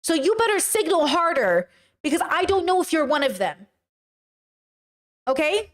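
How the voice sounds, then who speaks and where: A woman hosting a podcast, talking casually and reacting to a video and her live chat, animated and often slipping into mocking voices. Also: very high-pitched, moderate pace.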